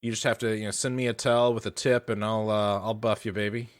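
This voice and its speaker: A man co-hosting a gaming podcast in casual chat, animated, laughing often and restarting his sentences. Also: on the low side, brisk, clear, resonant tone. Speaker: podcast co-host.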